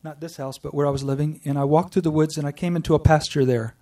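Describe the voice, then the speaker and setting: Guy telling his story to a room, kinda high mellow voice, picked up from a ways off. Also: steady tone, distant mic. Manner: earnest storytelling with pauses and restarts. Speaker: speaker sharing a personal spiritual story. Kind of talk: personal testimony to a group.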